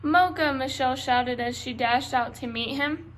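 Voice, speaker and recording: A young woman reading a children's book aloud, in clear, carefully paced read-aloud style. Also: sits high, little pitch movement, moderate pace, a bit bright, rough recording. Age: young adult. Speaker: reader.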